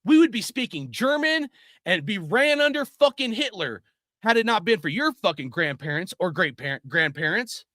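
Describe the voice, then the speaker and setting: High, lively, angry man. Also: normal speed, dry recording, studio quality. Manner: angry, swearing constantly. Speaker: video host. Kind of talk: profane opinion rant.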